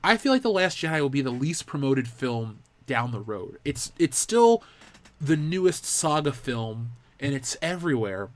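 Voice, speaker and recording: A man's voice: mid-range voice, animated, a little slow. A young man hosting a live pop culture show, ranting in a heated, profane way. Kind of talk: live-stream commentary rant.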